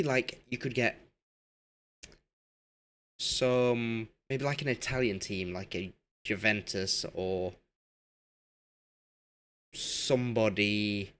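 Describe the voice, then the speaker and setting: Man, game streamer, hoarse and fading voice, lowish pitch, rambling casual chat. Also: fairly bright tone. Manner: rambling, talks to the game's players as he goes. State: losing his voice. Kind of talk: casual live-stream commentary while playing.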